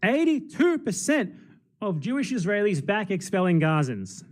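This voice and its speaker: A man hosting a livestream, delivering political commentary with sarcasm and heat. His voice sits a little above the usual male pitch. He pushes his points hard and mocks what others say. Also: very animated, moderate pace. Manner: sarcastic, impassioned. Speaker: streamer host.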